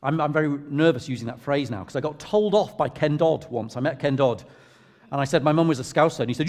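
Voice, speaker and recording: A middle-aged English vicar sharing a personal testimony in church, in a conversational, self-deprecating storytelling way. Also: male voice, on the high side, quick pace, darkish tone. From England. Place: church hall. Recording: long reverb of a large hall.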